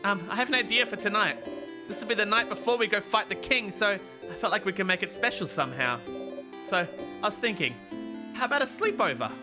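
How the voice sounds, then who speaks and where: A man voicing a shy, earnest young woman companion who talks softly and hesitantly, apologizing often. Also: high voice, expressive, a little fast. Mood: hopeful. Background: game music.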